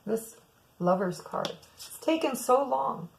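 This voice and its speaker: A woman's voice: high voice, lively intonation, slow pace, vocal fry, slight background noise, rough recording. A woman giving a weekly tarot reading, musing aloud and speaking to her viewers as "some of you.". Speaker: tarot reader.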